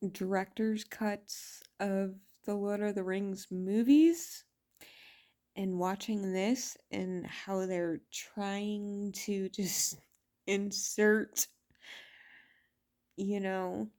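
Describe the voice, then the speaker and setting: A woman's voice: mid-range voice, fairly even intonation, very slow, a little mellow. A woman reviewing a show in a casual vlog rant, exasperated, blunt and full of profanity. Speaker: video reviewer.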